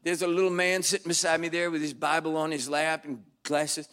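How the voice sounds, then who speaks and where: Older male preacher; wry, dramatic storyteller, fairly high voice, punches up key lines. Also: flat delivery, fairly quick. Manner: wry, dramatic storytelling with sudden loud bursts. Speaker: pastor. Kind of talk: storytelling sermon. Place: church sanctuary before a congregation.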